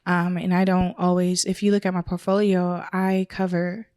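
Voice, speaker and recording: A woman's voice: on the low side, flat delivery, moderate pace, a little mellow. A woman, a wedding photographer, talking casually and emotionally as a guest in her own studio. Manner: chatty and emotional, acts out quoted voices. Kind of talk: casual interview conversation.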